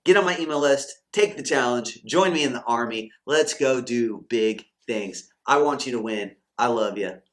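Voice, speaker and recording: A man's voice: mid-range voice, normal speed, hardly any pauses. A man giving a motivational faith talk to camera as a Christian coach and channel host, fired-up and preachy, acting out quoted doubters and believers.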